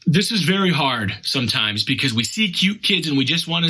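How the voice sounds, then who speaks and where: A middle-aged man hosts a podcast in an upbeat, chatty way. His voice is bright and forward and sits a little high for a man. He talks casually and acts out little scenes as he goes. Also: lively intonation, moderate pace, husky, low-quality recording. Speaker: podcast host. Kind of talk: casual advice talk.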